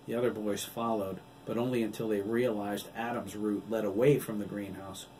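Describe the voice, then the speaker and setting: A man with a lowish voice narrates his novel in a steady, even way. He sits a little back from the mic, and a faint hiss of noise stays under his voice. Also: moderate pace, recorded from a distance, poor audio. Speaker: author reading his own novel. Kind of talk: audiobook narration.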